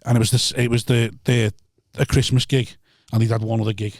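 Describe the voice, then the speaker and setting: A man's voice: medium pitch, level tone, fairly quick, a little mellow, no room sound, clean studio sound. A man, a stand-up comedian telling rambling, sweary stories in a casual podcast chat.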